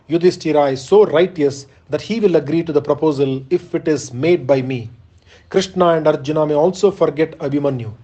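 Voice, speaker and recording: A man's voice: on the high side, darkish tone, lo-fi sound, lightly acted. A man reading the part of a proud warrior king who resolutely refuses peace, in an audiobook of an epic. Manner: resolute, defiant.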